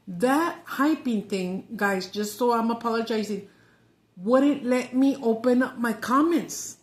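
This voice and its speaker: A woman's voice: on the high side, measured pace. A middle-aged woman chatting casually while eating, cussing in frustration and mixing Spanish with English. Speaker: mukbang vlogger. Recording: roomy echo.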